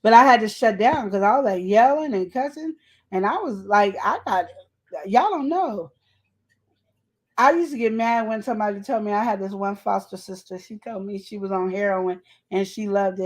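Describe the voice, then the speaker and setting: A middle-aged woman co-hosting a podcast, talking casually and animatedly, telling stories from home in a colloquial way. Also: medium pitch. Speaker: podcast co-host. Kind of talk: casual advice chat.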